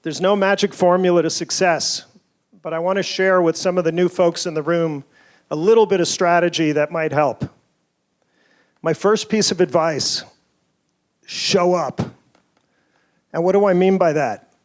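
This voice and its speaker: A toy inventor giving a keynote speech at a conference, telling stories from his career in an earnest, measured way. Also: sits high. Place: conference hall.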